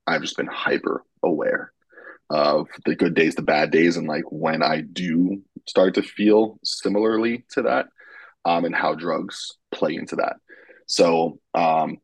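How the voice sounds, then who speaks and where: Young guy from new york, deep and kinda husky, swearing casually on a podcast, dead dry sound. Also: dry recording, rough recording. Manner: frank and swears casually, with frequent um fillers. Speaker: podcast guest, bodybuilder. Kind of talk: casual candid chat.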